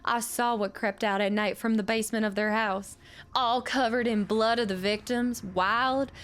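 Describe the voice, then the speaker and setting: A woman voicing a bitter, grieving old woman, reading her letters slowly in a folksy drawl. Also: fairly high pitch, fairly even intonation, a bit bright, natural voice. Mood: ominous. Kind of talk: reading game letters aloud in character.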